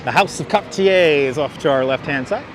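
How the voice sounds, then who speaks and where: A man's voice: a little high, normal speed. A man livestreaming while walking city streets, giving joking, sarcastic running commentary on a clip-on mic. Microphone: wireless clip-on mic. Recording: outdoor traffic noise.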